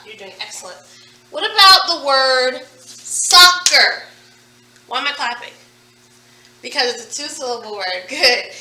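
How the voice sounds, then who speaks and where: High, bright teacher in an echoey room. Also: female voice, far from the mic, a little hiss or hum. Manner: slow, drawn-out teacherly prompting. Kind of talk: recorded phonics lesson.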